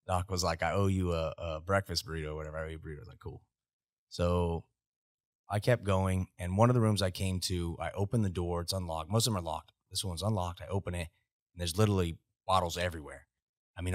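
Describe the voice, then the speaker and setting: In casual podcast storytelling, this veteran guest, an American man in his thirties, spins animated, profane anecdotes from his army days. His voice is low-pitched, and the clean studio sound on the podcast mic has no echo.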